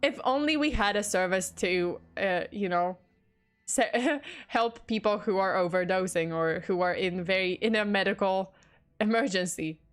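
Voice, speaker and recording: A woman's voice: medium pitch, normal speed. Chatty young woman streaming true crime. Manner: chatty, laughs often, swears casually. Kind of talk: casual livestream narration with chat replies. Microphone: desktop USB mic.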